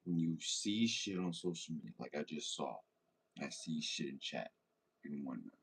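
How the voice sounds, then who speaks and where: A man's voice: very deep voice, expressive, moderate pace, gravelly, slightly rough. A young man chatting casually as a streamer, reading chat aloud, laid-back and rambling, cursing often.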